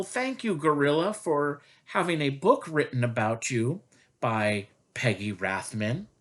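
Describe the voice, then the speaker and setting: Slow sing-song woman reading to children. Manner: gentle, sing-song storytelling with lively pitch. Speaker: storytime reader. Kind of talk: children's picture-book read-aloud.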